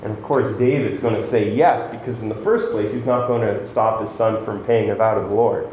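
Pastor preaching in an echoey room. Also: male voice, lowish voice, fairly quick, darkish tone, slight background noise. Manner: storytelling, acting out quotes, self-deprecating asides. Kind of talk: sermon. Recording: echoey room with faint ambience.

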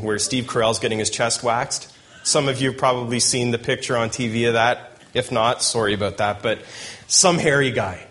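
A pastor delivers a sermon in a mid-range, fairly bright voice. He reads scripture aloud and interrupts himself with joking asides and chuckles.

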